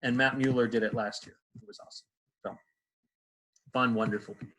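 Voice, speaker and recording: Male stage actor, easygoing and rambling, mid-pitched voice, heard over a video call. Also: steady tone, a little fast, fairly bright tone, rough recording. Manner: rambling, many fillers and restarts. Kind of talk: casual interview answers.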